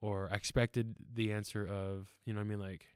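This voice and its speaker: A man's voice: lowish voice, flat delivery, a little fast, darkish tone, smooth, dry recording, studio quality. A young man talking casually on a podcast, earnest and rambling, laughing often and with fillers. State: tearful. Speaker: podcast guest.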